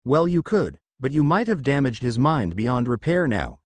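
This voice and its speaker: A man's voice: mid-range voice, very animated, moderate pace, no echo. A man voicing a bossy, exasperated male kaiju king in a fan story reading, lecturing his fellow monster. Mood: scolding.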